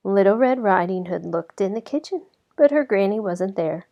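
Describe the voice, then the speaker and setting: A woman narrates a children's story aloud in a mid-pitched, expressive voice that slows down for effect. Her voice has a gravelly grain, and the recording is slightly dull. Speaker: parent reading a story.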